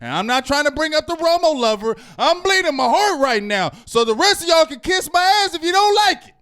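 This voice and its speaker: A man hosting a fan reaction show, ranting heatedly and swinging between loud outbursts and low muttering. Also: very animated, fairly quick. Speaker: host. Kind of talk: postgame fan reaction rant.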